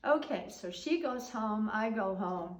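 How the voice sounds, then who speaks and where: An older woman recounting a childhood memory in a conversational way, her voice often trailing off quietly. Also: medium pitch, animated, a little slow. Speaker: storyteller. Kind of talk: oral history storytelling. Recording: roomy echo.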